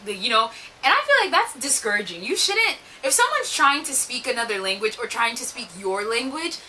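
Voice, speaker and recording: A woman's voice: a little high, sing-song, fairly quick, sharp tone. A young American woman co-hosting a podcast, telling stories in casual chat, laughing often and mimicking the voices of others. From United States. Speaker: podcast co-host. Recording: faint hiss.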